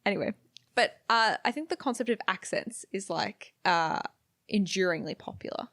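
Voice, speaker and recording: Twenties woman podcasting, kinda gravelly voice, rambles and cuts herself off, dry close sound. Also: mid-range voice, normal speed, fairly bright tone, no echo. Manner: rambling, self-interrupting, laughs often. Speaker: podcast co-host. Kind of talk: casual chat.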